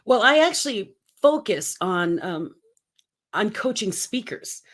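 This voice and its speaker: A woman in her fifties, a speaking coach giving an energetic, emphatic motivational interview and acting out quotes. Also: medium pitch, slow pace. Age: 50s.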